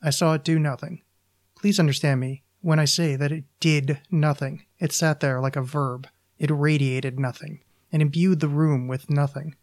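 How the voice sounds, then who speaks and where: A man reads his own short story aloud on his podcast, with slow, deliberate phrasing. His delivery is dry and deadpan, and his voice sits slightly above the usual male range. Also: fairly high pitch.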